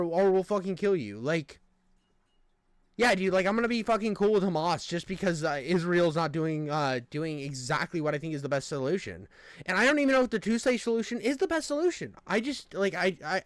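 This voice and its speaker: A man's voice: high-pitched, fairly bright tone, no echo, studio quality. A young man streaming, ranting heatedly and arguing with a critic in profane, combative language. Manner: profane, argumentative, addressing a critic directly. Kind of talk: heated live-stream rant.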